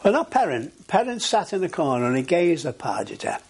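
A man's voice: on the high side, wildly swooping pitch, a little fast, creaky, slightly rough. An older man recalls his past in an archival oral history interview. He rambles, with many fillers and restarts, in an everyday conversational voice.

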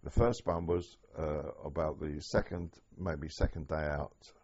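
An older man recalling wartime memories in an oral history interview, speaking haltingly with many restarts. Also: a bass voice, steady tone, a little mellow. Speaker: interviewee, former prisoner of war. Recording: dull lo-fi archive tape.

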